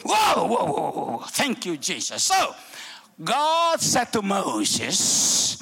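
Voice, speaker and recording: Fervent high-voiced older male preacher. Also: wildly swooping pitch, drawn-out words, gravelly, husky. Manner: fervent, shouting exclamations with wide swings between loud and hushed. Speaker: guest preacher. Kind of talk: sermon.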